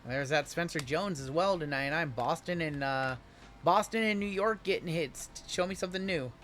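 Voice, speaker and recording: Upbeat high-voiced man calling card pulls. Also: a little fast, fairly bright tone, slight background noise. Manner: upbeat, chatty, teasing. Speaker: card break host. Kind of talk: live card-break stream commentary.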